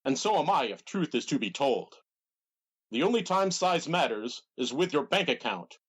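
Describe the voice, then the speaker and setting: A man's voice: on the high side, big pitch swings, moderate pace, husky. A man doing a cheap, self-promoting wrestler-poet. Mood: reciting. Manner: sing-song poem recitation, earnest sales plugs. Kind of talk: comedy podcast impression.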